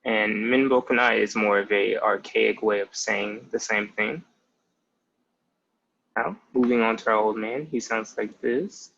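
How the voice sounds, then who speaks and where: In muffled lo-fi audio with slight background noise, a young male language tutor in his twenties delivers a casual spoken lesson. His lowish, creaky voice is fairly bright, unhurried and fairly even in intonation, and he explains step by step, often starting with "so" and "basically."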